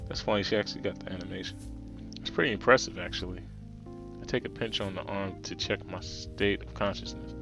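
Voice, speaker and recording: A man's voice: low-pitched, fairly even intonation, fairly quick, creaky, music in the background. A man from New Jersey reading a visual novel aloud with casual, jokey asides and stumbles. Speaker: let's play streamer reading a visual novel.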